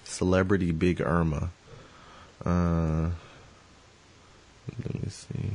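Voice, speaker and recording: A man's voice: low voice, flat delivery, takes it slowly, darkish tone. A man hosting a podcast in casual chat, rambling and joking with lots of fillers and restarts. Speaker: podcast host.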